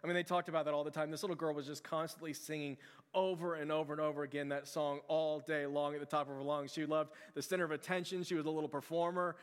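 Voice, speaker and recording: A man's voice: on the high side, level tone, fast, clear, resonant tone. A pastor preaching a sermon to his church in a conversational, earnest way, with frequent fillers and restarts. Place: church sanctuary. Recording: long hall reverb.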